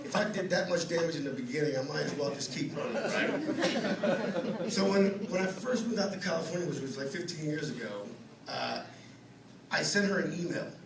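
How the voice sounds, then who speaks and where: A man's voice: fairly high pitch, very animated, moderate pace, far from the mic. A man doing a stand-up set in a comedy club, telling profane stories in a conversational way with rhetorical asides to the audience. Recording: roomy club sound from afar with crowd laughter.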